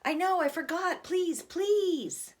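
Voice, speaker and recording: A woman's voice: very high voice, slow, voice pushed up. A woman voicing a gullible young boy who sounds eager and pleading. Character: young boy, excitable and easily frightened.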